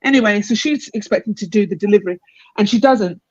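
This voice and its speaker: A young woman with a mid-range, somewhat dark voice speaks quickly and without echo on a live panel. She casually tells a long personal story, rambling, laughing often, and acting out other people's lines. The audio is dull, lo-fi call quality.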